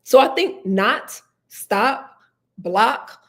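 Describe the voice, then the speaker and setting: A woman's voice: a little high, expressive, drawn-out words, fairly bright tone. A young woman from the United States, an attorney guest in an interview, talking candidly and emphatically in punchy, heartfelt phrases. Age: young adult.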